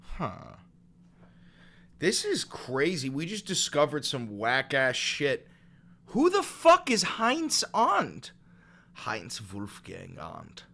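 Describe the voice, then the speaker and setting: A man hosting a comedic reaction video, reading aloud and reacting with loud, sarcastic, swearing outbursts. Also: on the high side, wildly swooping pitch, takes it slowly, gravelly. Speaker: commentary video host.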